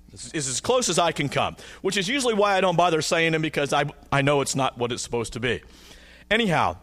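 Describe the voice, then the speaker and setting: A man preaching a conversational, verse-by-verse Bible teaching, asking the congregation questions and slowing down to read scripture. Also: a little high, fairly bright tone. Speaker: pastor.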